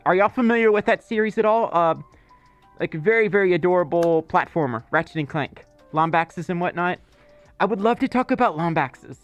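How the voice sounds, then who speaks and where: Soft music plays under a lo-fi recording of a high, animated male voice moving briskly. The livestream host rambles casually, reading chat messages aloud and peppering everything with fillers and asides.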